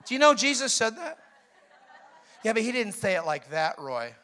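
High, bright-voiced preacher man, animated. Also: moderate pace, pauses often. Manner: animated, jokey, acts out voices with loud outbursts. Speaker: pastor. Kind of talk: sermon.

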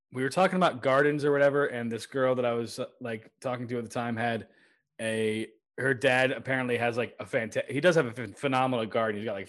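A young adult man co-hosting a podcast, rambling through anecdotes in a relaxed casual chat with frequent laughs. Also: medium pitch. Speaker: podcast co-host.

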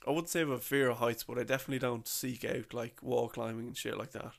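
Young guy rambling through a trip story, gravelly voice, lots of slang. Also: medium pitch, fairly even intonation, fast talker. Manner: chatty, rambling, with slang and restarts. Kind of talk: casual storytelling about a trip.

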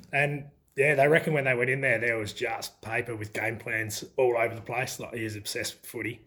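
A man's voice: medium pitch, fairly even intonation, brisk, sharp tone. Laughing Australian man telling footy stories. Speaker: former country footballer. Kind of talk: casual storytelling interview.

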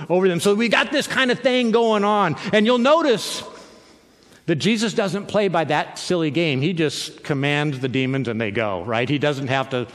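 A man's voice: on the high side, moderate pace. A man preaching a sermon in a conversational way, often checking in with the listeners by asking "right?". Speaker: pastor. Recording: long reverb of a large hall.

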